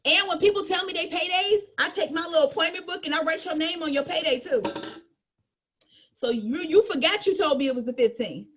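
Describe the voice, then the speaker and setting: Woman sales trainer with a high voice. Animated and colloquial, acting out customer calls. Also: brisk. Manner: animated, acts out customer conversations; colloquial, talks straight to the audience. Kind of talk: lively sales training talk.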